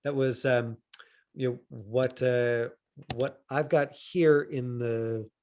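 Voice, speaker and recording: A man's voice: mid-range voice, fairly even intonation, slow pace, a little mellow, slight background noise. A man working as an acting coach, giving a casual and rambling critique of a student's self-tape, full of fillers and restarts.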